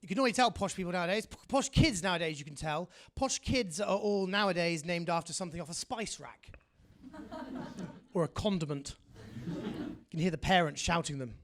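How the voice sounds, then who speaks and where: A man's voice: high-pitched, lively intonation, a little fast. A man with a posh English accent performing a wry, self-mocking stand-up set on a comedy club stage. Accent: English upper-class. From England.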